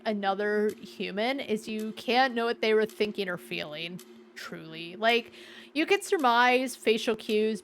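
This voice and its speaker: A woman's voice: medium pitch, a bit bright, slight background noise. A woman streaming a game, chatting casually and musing aloud with lots of filler words. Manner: reads game dialogue aloud. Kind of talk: casual let's-play commentary.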